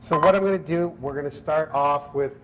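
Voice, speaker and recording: A man's voice: on the high side, brisk. A man who is a chef, talking through a cooking demonstration in an upbeat, easygoing way. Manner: upbeat, easygoing, apologetic when teased. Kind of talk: cooking demo chat.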